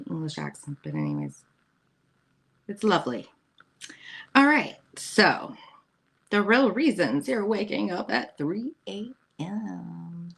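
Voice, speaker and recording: A woman's voice: lowish voice, very animated, slow, vocal fry, pauses often, slightly rough. A middle-aged woman from the United States hosting a casual morning live stream, chatty and rambling, laughing often and reading out viewers' comments.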